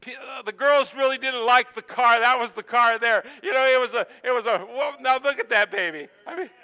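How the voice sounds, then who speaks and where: High bright folksy preacher. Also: male voice, fairly quick, clean tone, big-room sound, lo-fi sound. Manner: folksy, rambling, acts out quotes. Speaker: pastor. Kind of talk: storytelling sermon.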